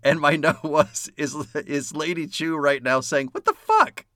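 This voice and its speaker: A man hosts a casual movie podcast, talking at an unhurried pace in a bright, forward voice. He jokes with his co-host, laughs easily and keeps the chat loose. The sound is close and dry. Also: fairly high pitch, steady tone, no room sound.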